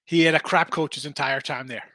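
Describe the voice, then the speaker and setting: A man hosting a sports betting show, talking through picks in a lively, argumentative way and answering his chat. His voice is bright and sits a little high. The sound is dry and close. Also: a little fast, no echo. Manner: animated, argumentative, reads chat comments aloud.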